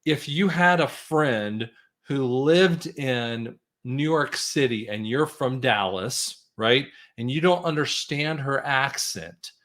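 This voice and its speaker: A man's voice: mid-range voice, lively intonation, slow pace, a bit bright. A man hosting a talk show, speaking in an emphatic, preaching way and repeating himself for stress. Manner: emphatic, repeats "I'm telling you". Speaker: host.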